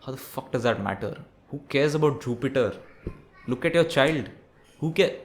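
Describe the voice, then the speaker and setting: Young man, mid-pitch, profane and preachy, talks down to the audience like a mate. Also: expressive, moderate pace. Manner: blunt, profane, preachy, says "bro" often. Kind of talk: ranting monologue.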